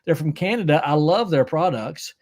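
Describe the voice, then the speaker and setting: A chummy, joking man hosts a casual livestream from home and reads viewer comments aloud. His voice sits a little high for a man, and he talks in an easygoing, friendly way. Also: animated, normal speed, a little mellow. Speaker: livestream host.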